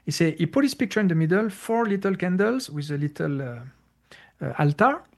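A man speaking English as a second language, explaining spiritual ideas in a casual, halting way with many fillers and searches for words. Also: sits high, lively intonation, vocal fry. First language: not English. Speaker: spiritual teacher. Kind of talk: casual conversational talk.

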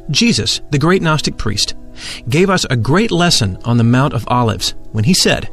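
Man calmly narrating a spiritual text. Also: mid-range voice, normal speed, faint music behind.

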